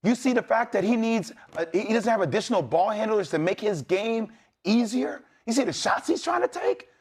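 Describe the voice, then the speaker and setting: A man's voice: high-pitched, expressive, fairly quick, a little mellow, husky. A man who is a former player talking sports as a guest, blunt and streetwise, building into impassioned rants.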